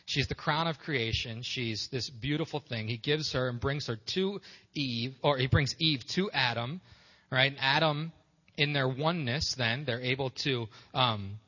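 A male preacher gives a loose, joking sermon full of restarts and asides. His voice is bright with a husky edge and carries a long hall reverb on a dull, lo-fi recording. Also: medium pitch. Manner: casual, joking and irreverent, many restarts.

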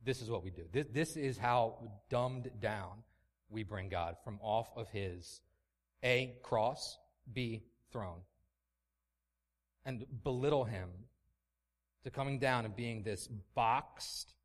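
A man's voice: mid-range voice, slow. A man preaching a sermon in an impassioned, emphatic way, often repeating words as he builds a point.

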